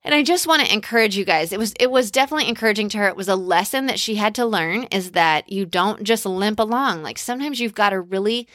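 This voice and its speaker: Woman, middle-aged, podcast host, encouraging, chatty, bright tone, dry sound. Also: mid-range voice, animated, quick pace, hardly any pauses, no echo. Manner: encouraging, conversational, addresses listeners as "you guys". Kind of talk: casual business advice talk.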